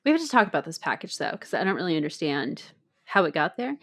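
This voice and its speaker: A woman co-hosting a casual podcast, recapping a TV episode as a steady storyteller who acts out the characters' lines. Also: deep voice, fast talker. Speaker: podcast co-host.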